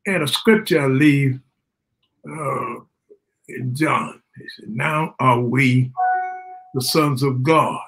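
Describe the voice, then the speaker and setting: An older man giving his son a birthday blessing in a halting, church-style speech that quotes scripture. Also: mid-range voice, fairly bright tone. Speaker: father giving a birthday tribute.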